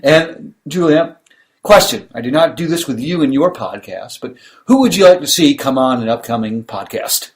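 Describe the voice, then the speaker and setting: A man's voice: medium pitch, lively intonation, moderate pace. A man hosting a podcast, telling stories in a rambling, casual way with many restarts. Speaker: podcast host. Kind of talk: casual chat.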